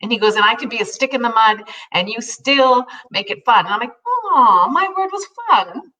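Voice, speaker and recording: Bright-voiced woman in her fifties, animated. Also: a little high, a little fast, far from the mic, low-quality recording. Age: 50s. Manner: animated storyteller, laughs often, acts out quotes. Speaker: co-host. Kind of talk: casual chat.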